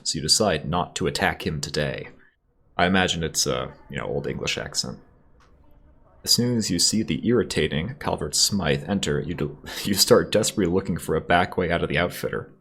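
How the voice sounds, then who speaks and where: Over gameplay, a man with a deep, breathy voice reads the game's story aloud and offers casual, wry commentary. He's relaxed and easygoing as host of the let's play, speaking fairly quickly.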